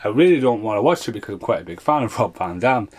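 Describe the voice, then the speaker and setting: A man with a fairly low voice talks through a run of bad films in a loose, off-the-cuff review. He is sarcastic and swears constantly. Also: very animated, quick pace, darkish tone. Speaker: film reviewer. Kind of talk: casual spoken review.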